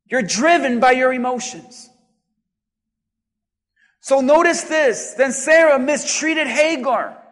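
A man preaching a sermon, swinging from loud emphatic shouts to quiet, drawn-out phrases in a church. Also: extremely high pitch. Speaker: pastor. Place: church sanctuary. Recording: long reverb in a large hall.

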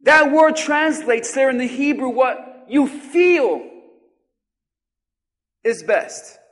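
A man delivers a sermon in a very high voice, taking his time over every phrase. He leaps to loud, emphatic shouts, then drops to near hushes. His voice rings out through a large church hall with a long, lingering reverb. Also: animated, slow. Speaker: pastor. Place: church sanctuary.

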